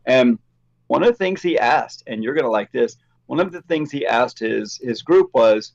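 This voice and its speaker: A man co-hosting a casual podcast, swapping in the voices of the people he quotes as he tells his stories. His pitch sits mid-range and the recording is dull and lo-fi. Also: normal speed, creaky. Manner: animated storyteller, acts out quoted dialogue. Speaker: podcast co-host. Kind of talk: casual chat.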